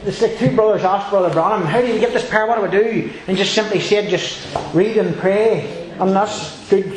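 A man with a high-pitched voice gives an earnest, rambling personal testimony at a church meeting, returning again and again to the same phrases. His voice rings with a strong echo, as if he is standing in a large meeting hall. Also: quick pace, slight background noise. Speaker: church member giving testimony. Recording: very echoey room.

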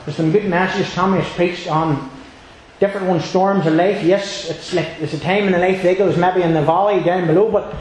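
A man with a high-pitched voice gives an earnest, rambling personal testimony at a church meeting, returning again and again to the same phrases. His voice rings with a strong echo, as if he is standing in a large meeting hall. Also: fairly even intonation, moderate pace, darkish tone, slight background noise. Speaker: church member giving testimony. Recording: very echoey room.

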